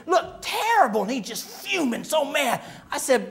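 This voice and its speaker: A man, a preacher, telling a comic story in an animated way that builds to shouted punchlines. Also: very high voice, normal speed, creaky, hardly any pauses.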